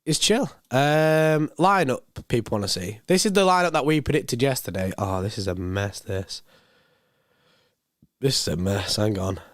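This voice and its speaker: A young man with a hoarse, worn voice chats loosely on a football live stream, reading out chat messages. He rambles and repeats himself in an easy, unhurried way. The sound is dry and close to the microphone. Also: medium pitch, animated, no room sound. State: hoarse, voice going.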